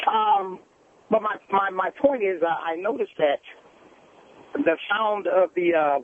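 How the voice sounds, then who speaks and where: A male caller talks over a thin, tinny phone line with a high-pitched voice. He is earnest and halting. He restarts his sentences often as he presses his point. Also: slight background noise. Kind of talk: radio call-in complaint.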